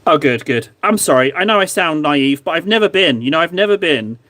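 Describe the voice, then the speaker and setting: A chatty English host talks with his viewers while he paints at his hobby desk. His voice sits a little high, and the sound is close and dry. He is rambling and self-deprecating, with a loose, joking manner. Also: lively intonation, a little fast, fairly bright tone, no room sound. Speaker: livestream host painting miniatures. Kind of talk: casual livestream chat.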